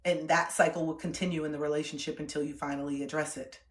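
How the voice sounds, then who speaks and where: A woman's voice: low voice, flat delivery, quick pace, roomy sound. A woman giving relationship advice on a livestream, talking emphatically and repeating her points. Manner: emphatic, repetitive, acts out quoted voices.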